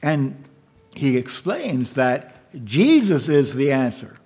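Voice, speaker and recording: A man preaching an evening sermon and reading scripture aloud, in a halting way with fillers and repeated words. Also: medium pitch, sing-song, a little mellow, slightly rough.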